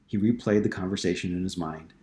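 Low-voiced man narrating an audiobook. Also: fast, a little mellow.

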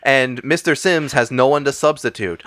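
A man's voice: medium pitch, moderate pace, a bit bright, no room sound. A man co-hosting a casual movie podcast, recapping the plot with jokes and silly voices. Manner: jokey, throws in silly character voices. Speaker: podcast co-host.

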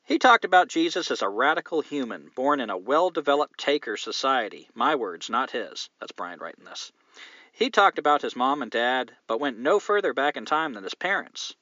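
A man's voice: mid-range voice, big pitch swings, moderate pace, bright, forceful tone, no room sound, lo-fi sound. A man from the Southern United States hosting a casual podcast, reading listener mail aloud with profane, wry joking asides. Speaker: podcast host.

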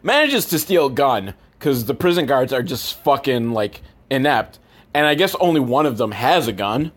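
Guy doing a snarky movie recap, swears a lot, deadpan, rambles off on tangents. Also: mid-range voice, moderate pace. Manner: profane, deadpan, rambling with asides. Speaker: movie reviewer. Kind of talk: sarcastic movie recap commentary.

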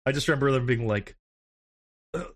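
A man's voice: medium pitch, fairly quick. A young American man chatting casually, joking with plenty of swearing. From United States. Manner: profane, joking, animated. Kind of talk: casual chat.

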